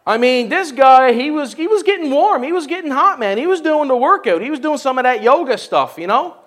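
Sex: man. Role: pastor. Style: sermon. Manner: folksy, joking, laughing. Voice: very high. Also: expressive, fairly quick, fairly bright tone.

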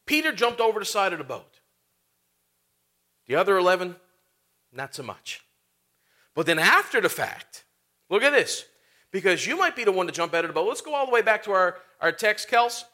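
A man preaching with a high, bright voice that rings out clearly. He keeps things conversational, tossing in rhetorical questions and casual asides between points. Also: very animated, moderate pace, long pauses. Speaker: pastor. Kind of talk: sermon.

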